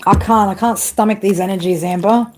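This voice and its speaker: A woman's voice: medium pitch, fairly even intonation, fairly quick, background noise. A woman doing a live-stream tarot reading, ranting bluntly with heavy swearing and chatting to viewers. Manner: blunt, heavily profane ranting. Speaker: tarot reader.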